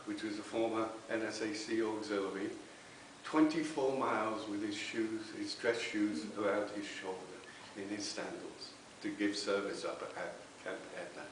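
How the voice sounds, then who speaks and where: A reverend giving an earnest spiritualist sermon with personal testimony, often checking in with the congregation. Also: male voice, fairly low pitch, fairly even intonation, normal speed. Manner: earnest, tag questions with okay. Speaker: reverend speaking at a spiritualist church. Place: church hall. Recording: very echoey hall, distant mic, faint hiss.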